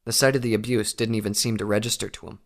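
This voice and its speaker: A man narrating a fantasy story in a steady, measured audiobook reading. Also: on the low side. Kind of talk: audiobook reading of fan fiction.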